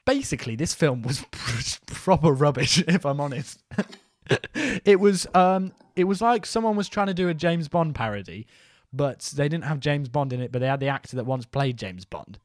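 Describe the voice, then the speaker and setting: Goofy podcast co-host, lively voice. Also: male voice, fairly high pitch, normal speed, no echo, clean studio sound. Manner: goofy, giggly, trails off into puns. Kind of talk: silly casual banter.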